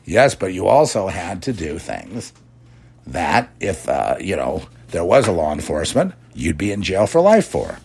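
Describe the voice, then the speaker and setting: A man's voice: sits low, huge pitch swings, a little slow, gravelly, a little mellow, breathy edge. A middle-aged man hosting a religious commentary show, preachy, mocking imagined critics in put-on quoted voices. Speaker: podcast host.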